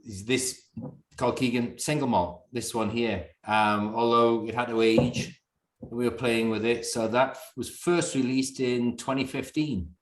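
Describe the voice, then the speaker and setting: Here the Northern English distillery founder sounds medium-pitched and steady, unhurried as he rambles and laughs. It's a casual video call from his bedroom, and the sound is roomy.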